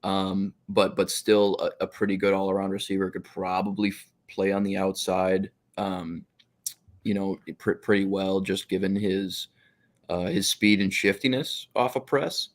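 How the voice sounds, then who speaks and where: A man's voice: sits low, little pitch movement, unhurried. A man co-hosting a casual sports podcast who hesitates a lot, with many ums and restarts as he makes his points.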